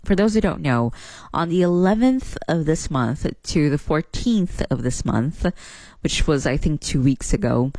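A woman from Southern Africa hosting a radio show, chatting excitedly. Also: sits low, measured pace, no room sound. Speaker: radio host. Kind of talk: casual radio talk.

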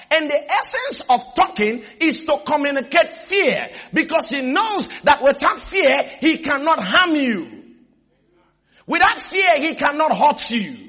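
A man's voice: extremely high pitch, fairly bright tone, slightly rough. A male pastor preaching an emphatic sermon, calling for amens from the congregation. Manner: emphatic call-and-response preaching.

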